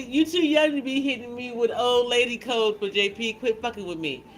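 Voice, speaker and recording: A woman hosting a casual livestream. She chats in an animated, teasing way, laughs often, and restarts her sentences a lot. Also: a little high, moderate pace, a little hiss or hum, poor audio. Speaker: livestream host.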